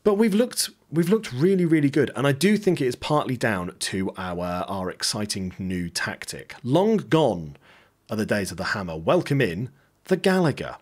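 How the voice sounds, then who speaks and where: A man's voice: medium pitch, very animated, moderate pace, a little mellow. A man giving upbeat, chatty commentary over a football management game, with jokey asides. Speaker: gaming YouTuber.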